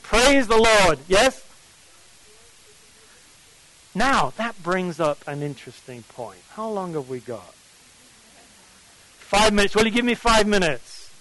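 A man's voice: high-pitched, big pitch swings, slow pace, long pauses, bright, forceful tone, poor audio. A man with an English accent preaching at a morning Bible study, emphatic and often putting questions to his listeners. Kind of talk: sermon.

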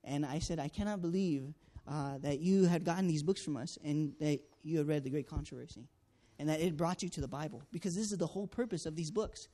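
A man tells a personal testimony in an earnest, storytelling manner. His voice sits a little high for a man. He acts out each exchange and leans on fillers as he goes. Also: fairly quick, few pauses, dark tone. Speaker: student canvasser sharing a testimony.

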